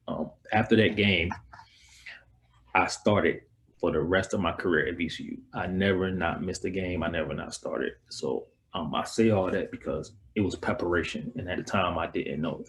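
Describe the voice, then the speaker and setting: Man, young adult, very deep voice, casual storytelling, rambling, slight background hiss. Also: moderate pace, low-quality recording. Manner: relaxed, rambling, repeats words. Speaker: former college basketball player.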